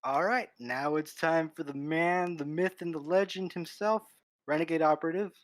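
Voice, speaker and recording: A man hosting a casual gaming podcast, relaxed and self-deprecating as he brings in his guests. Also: a little high, normal speed. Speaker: podcast host.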